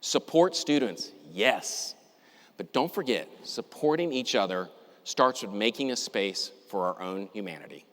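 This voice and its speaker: A man's voice: on the low side, animated, fairly bright tone. Reflective middle-aged man, long hall reverb. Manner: reflective, measured, with deliberate pauses. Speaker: university administrator giving a talk. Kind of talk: personal storytelling talk.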